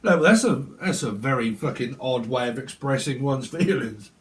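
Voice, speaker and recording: A man's voice: medium pitch, animated, normal speed. A man giving a casual tarot reading at home, blunt, rambling and profane. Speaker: tarot reader. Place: at home, windy day.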